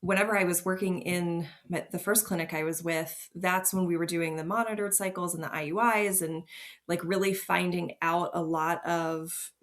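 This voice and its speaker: A woman's voice: on the low side, steady tone, moderate pace. A woman, a fertility nurse guest on a podcast, telling her own story openly and with feeling. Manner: open, emotional storytelling with laughs. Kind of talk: candid podcast interview.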